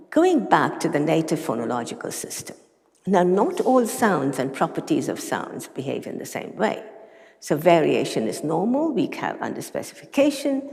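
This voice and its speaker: With a deep, slightly mellow voice touched by vocal fry, a female conference lecturer addresses a large hall whose reverb lingers. She keeps the academic material light with dry humor and casual asides.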